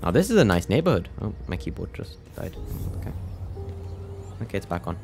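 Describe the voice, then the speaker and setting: A man's voice: low voice, big pitch swings, fairly quick, creaky, darkish tone. A young man giving casual let's play commentary, muttering wry reactions to a game. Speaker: gameplay commentator. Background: game music.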